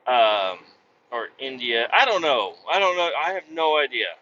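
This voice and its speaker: A man's voice: mid-range voice, sing-song, normal speed, bright, forceful tone. A man hosting a podcast, telling a story in casual, profane, rambling comedic style. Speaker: podcast host. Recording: dull lo-fi with faint noise.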